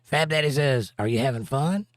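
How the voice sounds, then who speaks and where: This livestream host, a middle-aged man and musician, speaks at normal speed in a medium-pitched voice. His loose, joking chat mixes reading viewer comments aloud with crude asides, recorded close and dry with no room sound.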